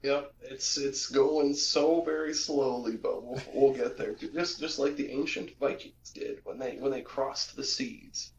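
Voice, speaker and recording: A young man chats in a loose, rambling way, stopping and restarting his thoughts often. His delivery stays flat and even, with little rise or fall. The recording sounds dull and lo-fi. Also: medium pitch, measured pace, few pauses, slight background noise. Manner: rambling, many restarts and fillers. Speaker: podcast co-host. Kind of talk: casual chat.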